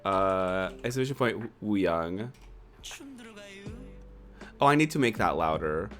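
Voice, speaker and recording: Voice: low voice, animated, slow pace, a bit bright, faint music behind. Playful, laughing streamer in their twenties. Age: 20s. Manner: chatty and playful, laughing often, talking to chat. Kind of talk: casual live-stream chat.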